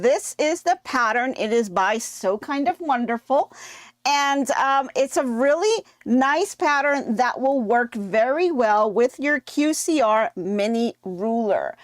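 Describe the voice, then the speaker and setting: A woman's voice: a little high, no echo. A woman hosting a live quilting tutorial, chatting casually and answering viewer comments as she goes. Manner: relaxed with frequent fillers. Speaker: quilting show host. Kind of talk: live-stream sewing tutorial.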